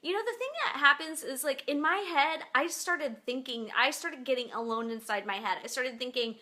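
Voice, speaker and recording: A woman's voice: high-pitched, moderate pace, hardly any pauses, pushed and bright. A woman hosting her own show, chatting casually to viewers from home and rambling through stories with lots of fillers. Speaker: podcast host. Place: at home beside her bed.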